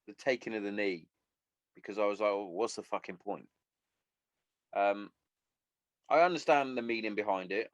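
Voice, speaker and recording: A man's voice: fairly low pitch, dry recording. A man hosting a solo podcast, ranting bluntly and swearing a lot. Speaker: podcast host.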